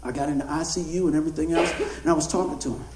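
Pastor with a high voice. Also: male voice, very fast, noisy background. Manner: animated, conversational storytelling. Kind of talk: storytelling sermon. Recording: roomy hall echo.

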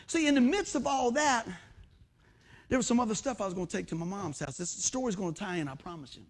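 A man's voice: sits high, fast talker. A male preacher, telling a story in a sermon and acting out the quotes. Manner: animated storytelling with acted-out quotes.

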